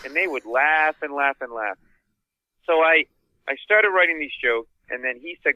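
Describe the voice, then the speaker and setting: Comedian guy spinning a funny story, acts out voices, bit high voice, dry dull mic. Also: moderate pace, no echo. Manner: animated, acts out other people's voices. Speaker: guest comedian. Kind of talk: comic storytelling anecdote.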